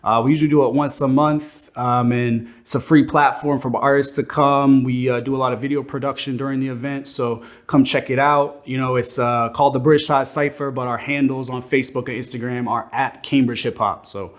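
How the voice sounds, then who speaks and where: A man's voice: mid-range voice, level tone, a little fast, hardly any pauses. A man who is a hip hop artist and event host, speaking in a friendly promotional way.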